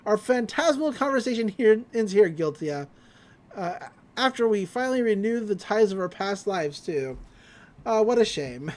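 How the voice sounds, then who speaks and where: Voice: medium pitch, animated, moderate pace, a little mellow, lightly acted. A smug grandiose villain, as a podcaster puts him on. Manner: grandiose and disdainful. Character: smug silver-haired young male villain. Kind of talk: recapping a show aloud.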